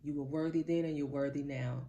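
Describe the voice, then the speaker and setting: A woman's voice: deep voice, fairly even intonation, fairly quick, gravelly, warm tone, muffled recording. A woman life coach giving a motivational talk to camera, blunt and casual, addressing viewers directly and repeating her points for emphasis.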